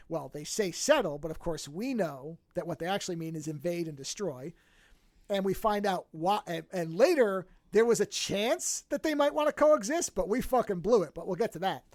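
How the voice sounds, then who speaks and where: A podcast host with a mid-range voice, speaking at a moderate pace with no room sound, recaps a TV series casually and energetically. They perform characters' lines as they go and often restart or correct themselves mid-sentence.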